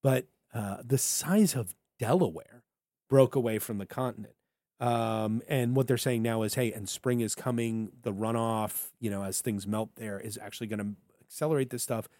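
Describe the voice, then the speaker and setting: A man co-hosting a podcast in casual political banter, animated and jokey, slipping into funny voices for quotes. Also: medium pitch, moderate pace, no room sound, studio quality. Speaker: podcast co-host.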